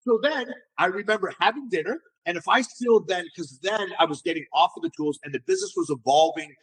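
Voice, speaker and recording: Husky, animated middle-aged man. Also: high-pitched, fairly quick. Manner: animated, repeats words on restarts, swears casually. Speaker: entrepreneur guest. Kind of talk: casual storytelling interview.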